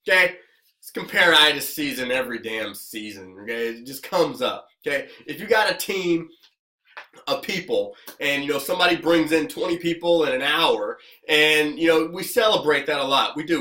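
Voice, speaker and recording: A man who works as a business coach, giving an energetic motivational talk to the camera and checking in with "okay?" again and again. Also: fairly high pitch, normal speed, roomy sound. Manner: energetic, repetitive, keeps asking "okay?".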